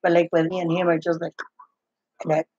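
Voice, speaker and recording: Older woman with a husky voice, rambling. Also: on the low side, completely flat delivery, fairly quick, dark tone, no echo. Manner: rambling, full of restarts and "I go". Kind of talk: casual chat. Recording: dull, muffled, lo-fi sound.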